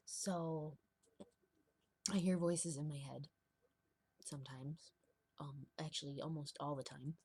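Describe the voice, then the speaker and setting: A woman's voice: low voice, steady tone, slow pace, long pauses, a little mellow, husky, no echo. A young woman talking in a rambling, confessional vlog, laughing often and dropping into whispers. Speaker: vlogger. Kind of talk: confessional casual monologue.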